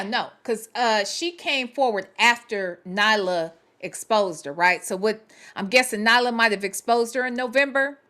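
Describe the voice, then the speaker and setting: A woman's voice: a little high, bright, forceful tone. A woman hosting a livestream show, chatting casually and answering viewer comments in a blunt, profane way. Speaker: show host.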